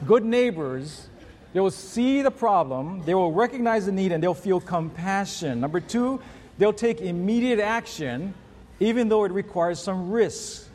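A male preacher with a high voice delivers an earnest sermon, walking his listeners through numbered points. His voice carries through a large hall with a long reverb tail. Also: lively intonation, unhurried, a little mellow, slight background noise.

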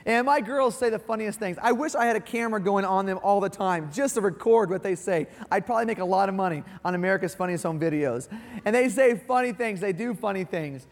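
A man's voice: high voice, brisk. A man in his forties preaching a folksy, playful sermon to a church congregation, joking about family life. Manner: folksy and playful, acts out his daughters' voices. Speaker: guest pastor. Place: church sanctuary. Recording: long hall reverb.

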